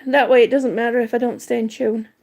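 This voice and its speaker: A woman's voice: fairly high pitch, level tone, fast talker, darkish tone. A woman who is out of breath, chatting casually on a livestream, greeting viewers and reading their comments, often trailing off and restarting. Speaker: livestream vlogger.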